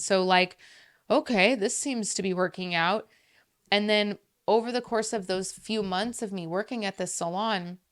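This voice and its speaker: A young woman, a podcast guest, chatting casually about her life with lots of "like" and "um". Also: medium pitch. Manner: chatty, uses many fillers like "like" and "um". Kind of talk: casual storytelling. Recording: podcast studio.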